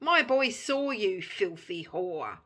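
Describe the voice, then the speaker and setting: A woman voicing a furious shouting neighbour man. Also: medium pitch, sing-song, slow pace, full character voice. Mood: accusing. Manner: harsh, shouting accusations. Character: angry male neighbour accusing a woman.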